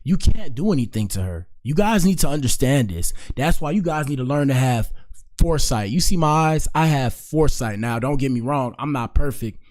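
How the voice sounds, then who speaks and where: A man's voice: medium pitch, lively intonation, normal speed, darkish tone. A man hosting a podcast, rambling in casual commentary with lots of "like" and "you know", then lecturing his listeners earnestly. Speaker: podcast host.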